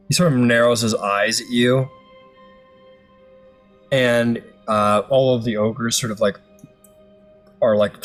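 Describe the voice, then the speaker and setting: Slow, rambling male game master. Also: lowish voice. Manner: loose and rambling, full of fillers. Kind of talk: narrating a tabletop game.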